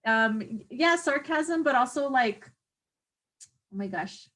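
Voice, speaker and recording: A woman teaching an exam review lecture, chatty and hesitant, often pausing to search for words with many fillers. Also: high-pitched, expressive, fairly bright tone. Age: adult parent of a young child. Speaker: teacher educator.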